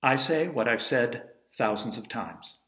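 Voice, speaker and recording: Man, storytelling monologue, wry asides, lively pitch, roomy echo. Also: a little slow. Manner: wry, conversational, self-amused asides.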